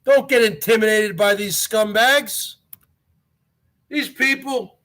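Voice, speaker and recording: A man hosting a live stream, ranting and badgering his viewers with repeated questions and bursts of shouting. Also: high voice, takes it slowly, pauses often. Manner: shouts to whip up the audience.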